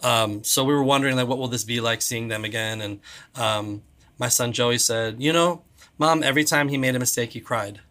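Bright-voiced animated dad on a podcast. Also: male voice, brisk. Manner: animated storyteller, acts out quotes with big pitch jumps. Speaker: podcast co-host. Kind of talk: casual chat.

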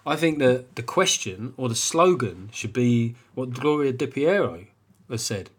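Chatty, sweary English comedian. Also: male voice, mid-range voice, very animated, normal speed, slightly rough. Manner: chatty, sweary, self-mocking, with stammered restarts. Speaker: comedian podcast host. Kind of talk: casual solo podcast monologue.

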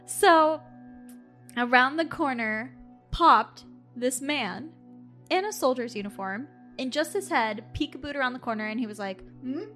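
A woman telling a story in a slightly high voice, animated and quick to laugh. She acts out her own past lines as she tells it. Faint music plays softly underneath. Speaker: podcast co-host. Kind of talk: casual storytelling chat.

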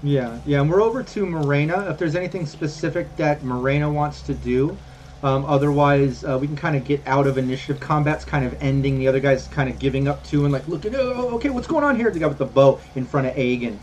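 A man running a tabletop game as game master, talking in a relaxed, rambling way with many fillers. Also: medium pitch, a little fast, slight background noise.

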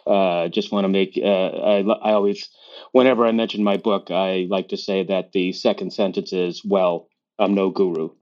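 A man around sixty with a Boston accent, a guest author speaking in a wry, self-deprecating way, with quick bursts of talk. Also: low-pitched, steady tone, a little mellow. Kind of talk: conversational interview. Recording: slightly dull lo-fi audio.

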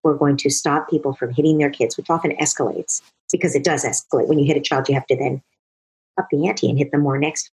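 A woman with a low-pitched voice talks earnestly and at length about raising children. Her tone is very smooth and clean. She speaks as a parenting expert answering a question, slipping into parents' and children's voices to make her point. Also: fairly even intonation, fast talker, a little mellow, low-quality recording. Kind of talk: explanatory talk answering a question.

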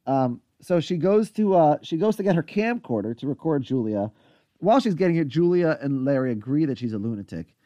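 Chatting casually about a TV episode for his podcast, a man speaks briskly, his voice rising and falling with animation. It sits a bit higher than most men's and is miked close and dry with no echo, though the sound is muffled.

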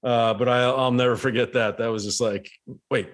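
Ex-ballplayer man, chatty storyteller, lively rambling delivery. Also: mid-range voice, brisk. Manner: rambling, animated storytelling with restarts. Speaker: former baseball player. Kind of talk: casual storytelling chat.

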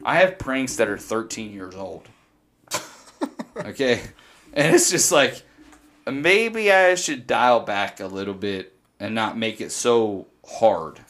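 A man's voice: lowish voice, slow. Guy in his 30s on a podcast, tells stories all worked up, cusses a lot. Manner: animated storytelling, swears freely. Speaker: podcast co-host. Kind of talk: casual podcast chat.

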